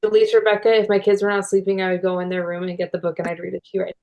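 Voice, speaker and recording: A woman in her thirties, a mother, chatting casually and telling animated anecdotes with laughs. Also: mid-range voice, racing. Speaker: co-host. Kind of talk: casual storytelling chat.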